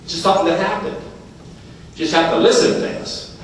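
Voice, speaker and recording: A man with an American accent speaking at a recovery meeting, telling folksy stories, quoting his sponsor and talking fast to keep from stuttering. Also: sits high, steady tone, very noisy. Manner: talks fast to avoid stuttering. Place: meeting room. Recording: distant mic in echoey meeting hall.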